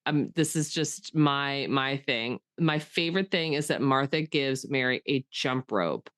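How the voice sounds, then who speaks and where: A woman's voice: a bass voice, lively intonation, a little slow, a bit bright. A woman co-hosting a casual podcast chat, rambling with many fillers and getting emotional about what she discusses. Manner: chatty, rambling, lots of "like" fillers; gets emotional and enthusiastic. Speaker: podcast co-host.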